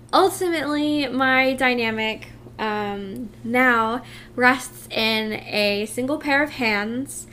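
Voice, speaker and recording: Slow, emotional higher-voiced woman vlogger. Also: bright, forceful tone, slight background noise. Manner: heartfelt, rambling, many fillers and restarts. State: emotional, close to tears. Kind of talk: casual confessional vlog.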